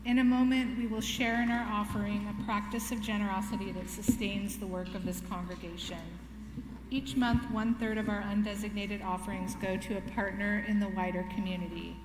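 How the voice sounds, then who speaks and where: A woman's voice: medium pitch, fairly even intonation, brisk, slight background noise. A woman leading worship, reading church announcements and correcting small slips along the way. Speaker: worship leader. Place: church sanctuary. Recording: roomy sanctuary echo.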